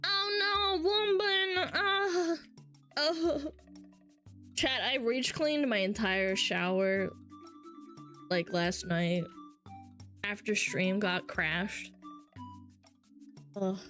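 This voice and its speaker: A woman's voice: mid-range voice, fairly bright tone. A woman streamer chatting casually with her live chat, brash and swearing freely as she reads messages aloud.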